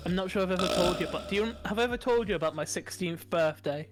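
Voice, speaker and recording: A man's voice: high-pitched, quick pace, soft background music. A man co-hosting a podcast, telling stories in casual chat with frequent laughs and swearing. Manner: animated, laughing storyteller who swears. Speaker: podcast co-host.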